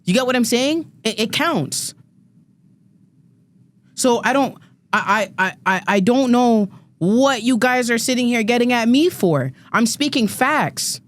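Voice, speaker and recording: Fairly high-pitched and lively, this thirty-something woman keeps a measured pace as a guest on a podcast panel. Her rant is heated and full of profanity, with emphatic repeats and stumbles whenever she's fired up.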